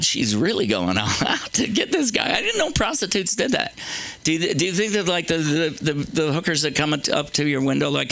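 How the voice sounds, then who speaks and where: A male stand-up comedian on a club stage, talking into a handheld mic, swinging between deadpan asides and loud, exaggerated readings. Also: fairly high pitch, normal speed, vocal fry, rough recording.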